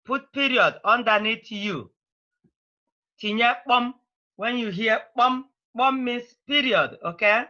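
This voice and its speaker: A woman's voice: a little high, slow pace, pushed and bright, muffled recording. A woman teaching a language class over a video call, speaking. She prods students patiently and repeats her phrases.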